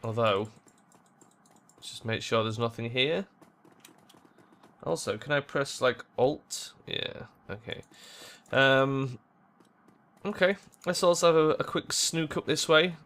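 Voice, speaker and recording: A man's voice: medium pitch, slow, pauses often, a bit bright. A young man hosting a let's play, reading game text aloud and making offhand remarks. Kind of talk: casual game commentary.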